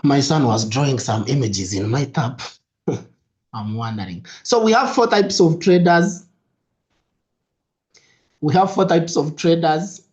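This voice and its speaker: A young adult man hosts a live trading stream, greeting viewers and repeating himself in an upbeat way, dropping into soft asides. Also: on the high side. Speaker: trading mentor hosting a livestream. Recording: lo-fi stream audio.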